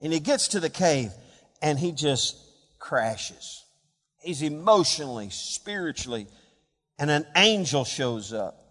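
High-voiced preaching man, big reverberant hall. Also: very animated, a little slow. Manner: dynamic preaching, dropping to hushed tones and rising for emphasis. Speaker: pastor. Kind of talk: sermon.

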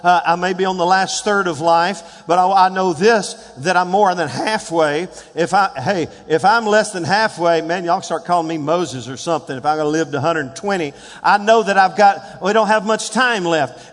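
A man in his sixties preaching a sermon as pastor, building to shouted calls and leading call-and-response with the congregation. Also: high-pitched, moderate pace, hardly any pauses, big-room sound. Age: 60s. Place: church sanctuary.

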